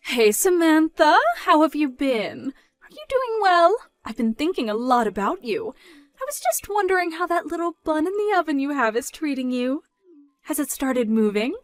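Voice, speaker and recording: A woman's voice: high voice, very animated, normal speed. A woman playing a scornful nagging mother. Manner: mocking, nagging and incredulous. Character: controlling, scornful middle-aged mother. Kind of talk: scripted story dub.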